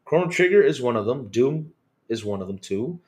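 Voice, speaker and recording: A man's voice: mid-range voice, animated, normal speed. A man hosting a casual podcast, chatting loosely, repeating himself, swearing and laughing often. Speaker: podcast host. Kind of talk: casual livestream chat reacting to chat comments.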